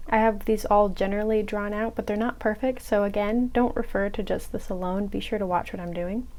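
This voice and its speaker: A woman's voice: medium pitch, fairly even intonation, a little fast, a little mellow, low-quality recording. A young woman casually explaining a crochet pattern step by step, with chatty, self-mocking asides. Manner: chatty, self-mocking asides, drops to a whisper when muttering to herself. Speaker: crochet tutorial host.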